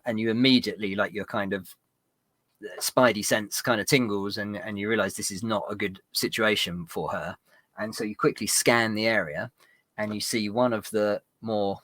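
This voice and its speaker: A man's voice: on the low side, a bit bright, no echo. A man narrating as game master of a tabletop game, rambling with fillers and restarts.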